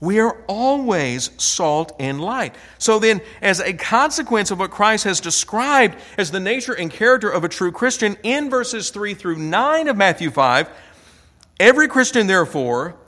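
A male pastor delivering a sermon with measured pacing and emphatic stresses on key words. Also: high voice, animated, pushed and bright, big-room sound.

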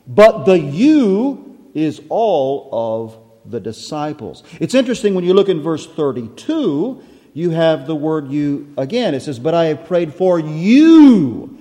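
A man preaching a sermon to a congregation, with emphatic expository delivery and sharp swings between loud and soft. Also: a little high. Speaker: pastor. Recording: long reverb of a large hall.

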